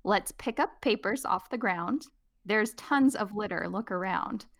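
Toothy grinning storybook crocodile voiced by a woman, low and quiet, gravelly. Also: measured pace, dry recording, studio quality. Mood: sly. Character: lumpy toothy smiling male crocodile.

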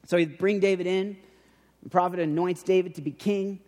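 A man's voice: sits high, steady tone, normal speed, darkish tone, long reverb tail. A man giving a casual sermon, talking loosely with many restarts and acting out the people in the story. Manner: chatty, repeats words and restarts, acts out quoted speech. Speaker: preacher.

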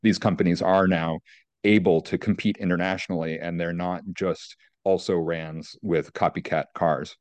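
A man answering as an energy research guest, measured and careful, qualifying his points with frequent hesitations. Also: sits low, steady tone, no room sound. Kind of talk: expert interview answers.

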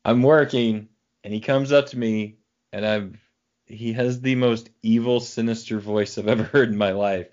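A man's voice: lowish voice, fairly even intonation, normal speed, darkish tone. Jokey man telling a rambling story. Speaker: podcast co-host. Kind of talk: casual chat. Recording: muffled lo-fi podcast audio.

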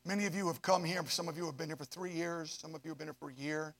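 A man preaching a sermon to young adults, swinging from hushed asides to loud, drawn-out emphasis. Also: on the high side, fairly even intonation, vocal fry. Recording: long hall reverb.

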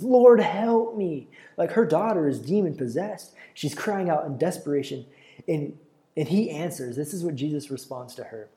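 A man's voice: a little high, warm tone. A young man preaching a sermon in an earnest, conversational way, often restarting his sentences.

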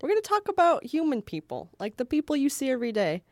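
A woman's voice: sits high, sing-song, fast talker, a little mellow, dry recording, clean studio sound. A woman co-hosting a podcast in casual chat, wry and joking, often laughing mid-sentence. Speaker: podcast co-host.

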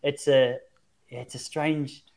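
A man's voice: mid-range voice, fairly even intonation, slow, vocal fry. A man, hosting a casual chat and telling self-mocking stories. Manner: chatty storyteller, self-mocking.

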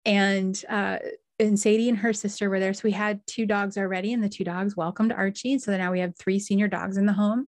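A woman podcast host and medium telling a personal story in a heartfelt, emotional way, with pauses and restarts. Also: medium pitch, fairly even intonation, a little mellow, no room sound.

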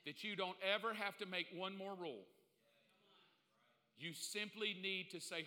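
Man, pastor preaching, hushed pleading to loud excitement, sharp bright tone, reverberant church hall. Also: high voice, slow pace. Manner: folksy and joking, acts out little dialogues. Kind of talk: sermon.

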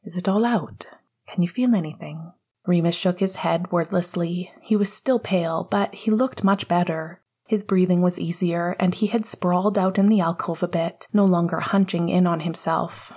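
A woman narrating fan fiction in a steady, hushed way. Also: fairly low pitch, normal speed, hardly any pauses, breathy edge.

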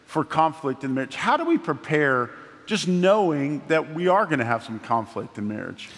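A man's voice: on the high side, big pitch swings, normal speed, a bit bright. Affirming male host, hall reverb. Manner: affirming, stumbling on first words. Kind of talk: casual Christian talk show conversation.

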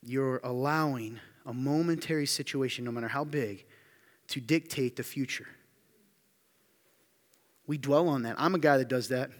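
A man preaching a sermon to a room, firing emphatic questions and dropping to quiet asides. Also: medium pitch, moderate pace, pauses often. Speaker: pastor. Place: church hall with audience. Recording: long hall reverb.

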